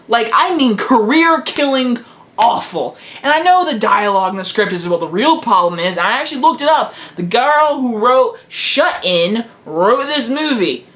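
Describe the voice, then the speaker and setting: A man's voice: very high-pitched, expressive, normal speed, a bit bright. A teenage boy giving a casual video movie review, blunt and emphatic, hammering his verdicts home again and again. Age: teens.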